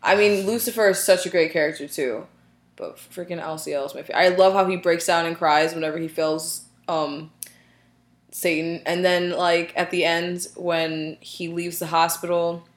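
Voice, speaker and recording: A woman co-hosting a casual chat with friends, gushing and giggly, with quick asides. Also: on the low side, fairly even intonation. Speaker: podcast co-host. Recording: roomy echo.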